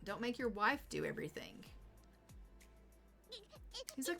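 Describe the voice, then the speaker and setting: A woman's voice: mid-range voice, big pitch swings, unhurried, vocal fry, long pauses, over music. A woman streaming a life-sim game, chatting casually with dry, sarcastic asides. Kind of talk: casual gameplay commentary.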